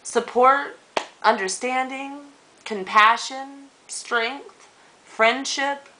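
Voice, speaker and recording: A middle-aged woman talking straight to camera in a personal vlog, earnest and halting, with lots of fillers and pauses. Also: sits high, bright, forceful tone, slight background noise, poor audio. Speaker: vlogger. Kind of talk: emotional personal vlog talk.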